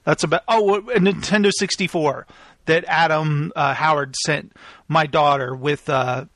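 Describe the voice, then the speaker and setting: A man in his thirties hosts a live podcast and tells a story in a loose, animated monologue. His voice sits high and sounds bright. He acts out both sides of each conversation. The recording is dry and close. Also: measured pace, no room sound. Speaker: podcast host.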